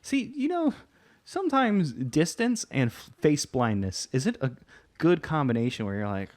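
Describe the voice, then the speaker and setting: A man's voice: a little high, wildly swooping pitch, moderate pace, a little mellow. A man hosting a let's play, giving casual gameplay commentary and thinking aloud in a rambling way full of fillers.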